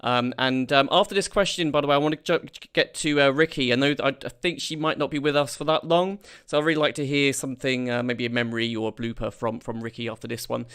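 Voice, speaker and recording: A man hosting a live panel, reading out viewer questions and donations in a halting way. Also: medium pitch, fairly even intonation, fairly bright tone, smooth. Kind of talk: live-stream moderating.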